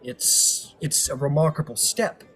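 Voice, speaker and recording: A man voicing a solemn council master who delivers formal news in a measured way. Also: fairly high pitch, fairly bright tone, faint music behind.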